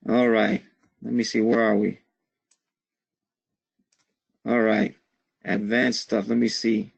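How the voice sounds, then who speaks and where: A man's voice: on the low side, little pitch movement, slow pace, gravelly, slightly rough. A man teaching a live online marketing webinar in an upbeat way, checking in with "okay?" after almost every phrase.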